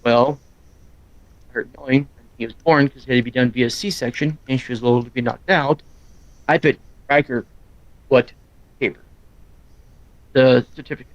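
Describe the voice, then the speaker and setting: A middle-aged man chatting casually on a live stream, loud and quick, rambling from story to story. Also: medium pitch, fairly even intonation, no room sound, muffled recording. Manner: loud, fast-talking, rambling. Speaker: streamer co-host. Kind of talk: casual chat.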